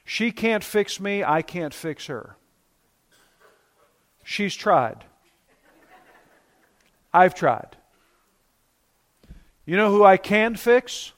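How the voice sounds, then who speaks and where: Preaching a sermon in an emphatic style, this fifty-something pastor has a high-pitched, expressive voice. He draws out important words by slowing his delivery.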